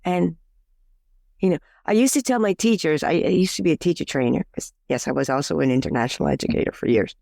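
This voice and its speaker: A woman's voice: low-pitched, quick pace, creaky, no echo, studio quality. A woman life coach, a podcast guest, talking in a chatty way with fillers and restarts, acting out the quotes in her stories. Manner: lively storyteller who acts out quotes. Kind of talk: casual interview talk.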